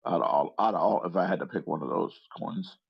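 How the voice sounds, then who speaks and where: A man's voice: low-pitched, quick pace, vocal fry, breathy edge, dry recording, dull audio. A man hosting a casual live stream, rambling and thinking aloud with many restarts. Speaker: stream host, crypto chart analyst.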